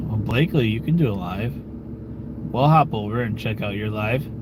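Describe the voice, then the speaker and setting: A man's voice: on the low side, normal speed, noisy background. Laid-back rambling American man. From United States. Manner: rambling and relaxed, with frequent fillers, swearing and chuckles. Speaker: YouTube channel host talking with live-stream viewers. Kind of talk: casual live-stream chat.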